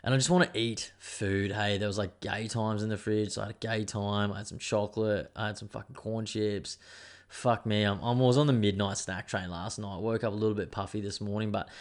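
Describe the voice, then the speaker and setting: A man's voice: lowish voice, fairly even intonation, fairly quick. A young adult man, hosting a podcast in a rambling, sweary, laid-back casual chat. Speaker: podcast host.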